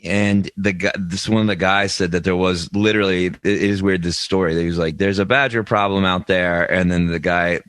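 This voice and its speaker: A man's voice: low-pitched, little pitch movement, fairly quick, hardly any pauses, fairly bright tone. A man co-hosting a comedy news podcast, telling stories in a rambling, self-interrupting way. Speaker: podcast co-host. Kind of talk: comedic banter.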